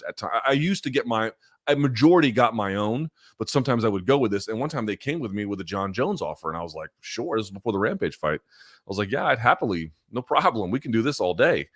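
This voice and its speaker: A man hosting a podcast, telling a story in a casual, animated, profane way. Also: lowish voice, fast, no room sound, clean studio sound. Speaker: podcast host.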